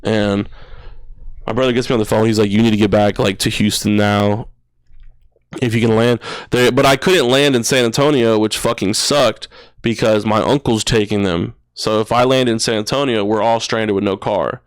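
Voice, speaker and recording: In a podcast studio with no echo, a young man in his twenties recounts something personal and emotional, using casual slang laced with "bro," "dude" and profanity. He speaks at a moderate pace in a clear, resonant voice that's on the low side and steady.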